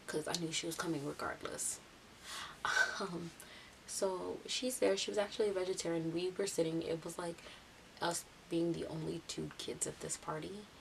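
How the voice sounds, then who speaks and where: A young woman vlogger telling a casual storytime story in a chatty, lively way, acting out what others said. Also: low-pitched, creaky. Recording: distant mic with steady hiss.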